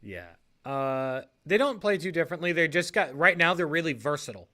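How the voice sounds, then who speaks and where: A man's voice: fairly high pitch, very animated, fairly quick, pushed and bright. A man casually talking through league matchups on a podcast. He rambles, corrects himself mid-sentence and laughs often.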